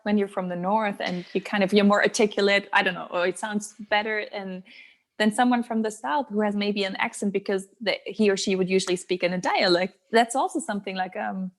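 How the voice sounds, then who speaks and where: A woman's voice: medium pitch, steady tone, brisk. A woman in her thirties, a podcast guest speaking English in a thoughtful, word-searching way. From Germany. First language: German. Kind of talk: casual interview chat.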